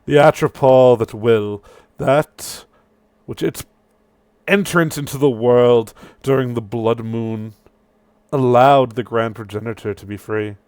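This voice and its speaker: A man narrating a tabletop game as game master, playful and animated. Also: mid-range voice, slow, smooth, dry recording.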